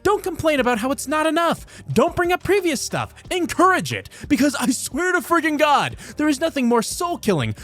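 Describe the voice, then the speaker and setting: A man voice actor reading funny posts aloud in an animated, expressive comedic narration. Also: extremely high pitch. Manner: animated, expressive, swings between many voices.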